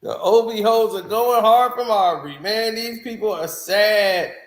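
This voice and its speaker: A man's voice: high-pitched, measured pace, echoey room. A man giving casual, opinionated commentary as a music reviewer, laughing often and making mocking asides.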